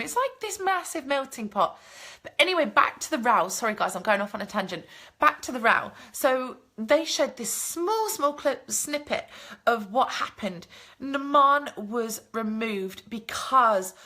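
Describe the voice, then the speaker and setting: Woman vlogger, bright tone, pitched a little high, animated and sweary. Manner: animated storytelling, swears freely. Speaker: vlogger answering viewer comments. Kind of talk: casual chat, live stream.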